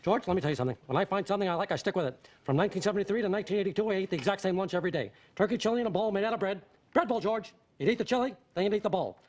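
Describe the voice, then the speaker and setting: A man's voice: sits high, racing. An actor playing a rambling, blustery male baseball team owner who bosses his staff around in a sitcom. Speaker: boss. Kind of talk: sitcom acting.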